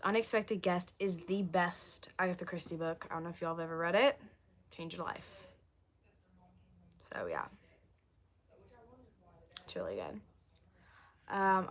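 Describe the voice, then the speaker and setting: A young woman chatting on a livestream, rambling and answering viewer comments, her voice going hoarse. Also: lowish voice, animated, moderate pace, long pauses. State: losing her voice, coughing. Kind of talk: casual livestream chat.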